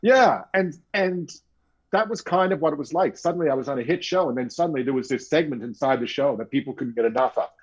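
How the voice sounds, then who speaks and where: Man, husky tone, muffled lo-fi audio, animated storyteller, interview guest. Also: on the high side, quick pace. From Canada. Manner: animated anecdotes with quoted voices. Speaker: guest author.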